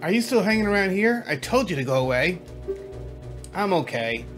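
A man's voice: sits high, very animated, moderate pace, a bit bright, voice pushed up. A man doing haughty fish princess Ruto. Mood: bossy. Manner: bossy, indignant line reading. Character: haughty young fish princess, bossy and proud. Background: game music.

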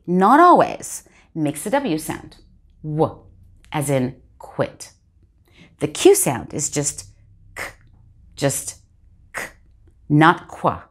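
A woman teaching phonics in a video lesson, spelling out and sounding letter sounds slowly and deliberately. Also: lowish voice, darkish tone.

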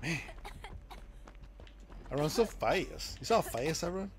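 A man streaming a live game, joking with chat and breaking into loud excited shouts. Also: a little high, measured pace. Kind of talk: live gameplay commentary.

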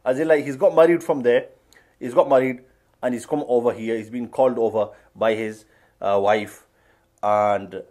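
A man from England, co-hosting with animated, mocking banter. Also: mid-range voice, moderate pace. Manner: animated, laughing along, mocking. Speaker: co-host.

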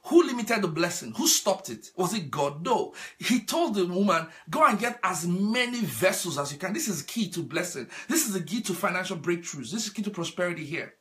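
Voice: mid-range voice, sing-song, brisk, few pauses. A preacher delivering a sermon, repeating key phrases and asking the congregation rhetorical questions.

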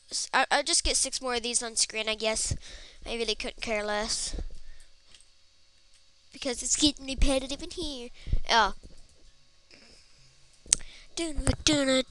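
A woman's voice: high-pitched, sharp tone, smooth. A woman giving goofy, rambling commentary on her gameplay, humming silly sound effects between lines. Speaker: game video player.

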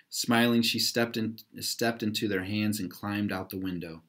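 A man's voice: fairly low pitch, fairly even intonation, normal speed, a bit bright. A man reading a children's novel aloud, narrating plainly and adding casual asides. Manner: casual asides between passages. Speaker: audiobook reader.

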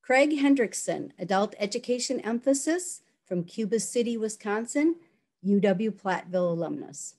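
A woman's voice: mid-range voice, animated, darkish tone. Woman giving a formal graduation address. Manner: measured, congratulatory. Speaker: education program speaker. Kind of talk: formal commencement speech and name reading.

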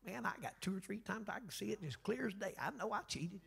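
A man, preaching a revival sermon and telling a story, swinging from shouts down to near-whispers. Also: sits high, lively intonation, fairly quick, creaky. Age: 60s. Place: church sanctuary.

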